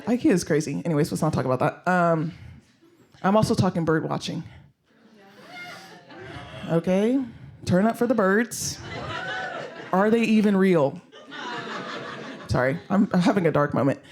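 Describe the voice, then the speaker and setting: At a comedy venue, a stand-up comedian with a high, expressive voice works the crowd at normal speed, pausing often. His set is blunt and self-mocking, full of swearing, and he talks right to the audience.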